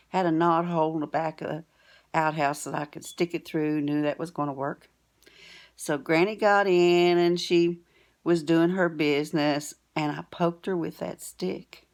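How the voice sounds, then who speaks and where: An older woman tells a homespun story from her childhood straight to her viewers. Her voice sits slightly low, and she uses plain country phrasing with a relaxed storytelling pace. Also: moderate pace, vocal fry. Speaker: storytelling vlogger. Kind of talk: folksy storytelling to camera.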